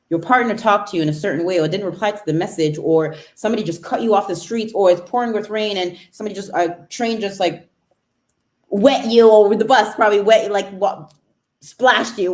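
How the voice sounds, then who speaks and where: A woman's voice: medium pitch, brisk, darkish tone. A woman from Cambridge, England chatting on a motivational live stream and greeting viewers by name as she talks.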